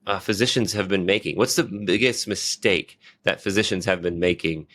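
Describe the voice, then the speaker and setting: A male podcast host with a low, forceful voice. He stumbles into his questions, restarting them several times before he gets them out. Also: normal speed. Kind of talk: podcast interview.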